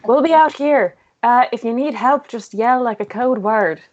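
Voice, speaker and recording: A woman's voice: on the high side, moderate pace, lo-fi sound. A woman player at a tabletop game, joking casually and swearing freely.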